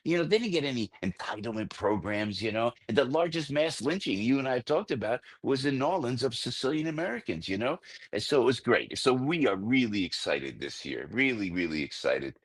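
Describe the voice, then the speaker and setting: An older radio host, a man, telling a story as a guest in an excitable, rambling way, full of restarts and stammers. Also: mid-range voice, brisk. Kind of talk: phone-in radio interview, storytelling.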